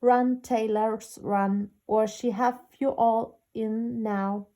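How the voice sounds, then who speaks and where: A woman's voice: fairly high pitch, steady tone, slow, warm tone. A woman voicing a chorus of tiny, cheeky mice who chant nursery rhymes in a sing-song way.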